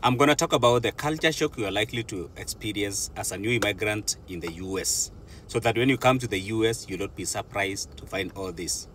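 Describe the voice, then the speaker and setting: A young Kenyan vlogger with a Kenyan accent talks casually to camera, chatting, laughing and mixing English with Swahili as he goes. His voice is on the low side and a bit bright, and he speaks fairly quickly. There's a little hiss or hum in the audio.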